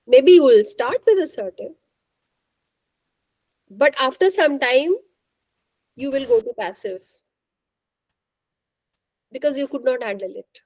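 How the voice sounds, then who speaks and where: Woman trainer, high mellow voice, dry close sound, coaching questions to the room. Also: expressive, slow, long pauses, no echo, rough recording. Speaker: workshop trainer. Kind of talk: interactive faculty workshop talk.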